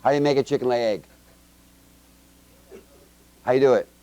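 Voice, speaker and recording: A man giving an informal Bible teaching to a congregation with children, firing quick questions at them in a chatty, joking way with homespun examples. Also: medium pitch, mellow, clean tone, muffled recording. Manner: quizzes the audience with quick questions.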